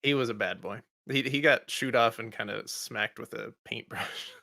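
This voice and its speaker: A man's voice: mid-range voice, normal speed, gravelly, sharp tone, no room sound, studio quality. A middle-aged man co-hosting a morning show, telling a chatty personal story and laughing along the way. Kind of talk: casual storytelling.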